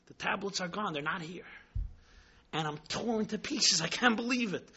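Guy giving a dramatic sermon, high bright voice, dull lo-fi recording. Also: lively intonation, normal speed, creaky, breathy edge. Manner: dramatic, swings from hushed to exclaiming; sprinkles Hebrew and Yiddish terms. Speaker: rabbi teaching Chassidus. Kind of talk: storytelling sermon.

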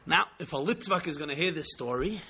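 A man telling a story in a sermon, dramatic, swinging between hushed tones and exclamations, mixing in Hebrew and Yiddish terms. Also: a little high, expressive, fairly quick, slightly rough. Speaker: rabbi teaching Chassidus. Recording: dull lo-fi recording.

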